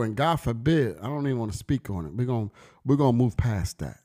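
A man's voice: mid-range voice, expressive, a little fast, dark tone. A middle-aged man vlogging in casual, slangy street talk, telling stories emphatically and preaching to his listeners. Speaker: vlogger and brand owner.

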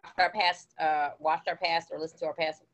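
A woman's voice: deep voice, little pitch movement, a little fast, fairly bright tone. A woman co-hosting a podcast in casual chat, playful and teasing, laughing easily. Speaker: podcast co-host.

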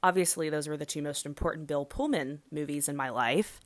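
A woman in her thirties hosting a solo podcast in a casual, rambling way, full of fillers and self-corrections, with sudden loud excited bursts. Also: low voice, a little fast. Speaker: podcast host.

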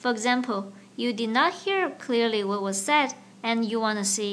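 A woman hosting a language-learning podcast, teaching in a clear, slow, playful way. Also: fairly high pitch, a bit bright. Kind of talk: scripted language lesson.

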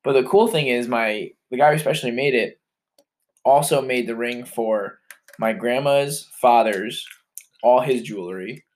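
A man co-hosting a relaxed podcast, joking his way through rambling anecdotes. His voice sits at an ordinary middle pitch, and his talk is easygoing and loose. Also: unhurried. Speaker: podcast co-host. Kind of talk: casual chat.

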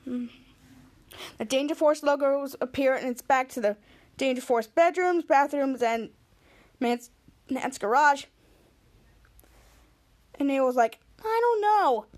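A woman's voice: high voice, slow, long pauses, a little mellow. A woman hosting a casual podcast, narrating a TV episode scene by scene in a rambling, giggly way. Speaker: podcast host.

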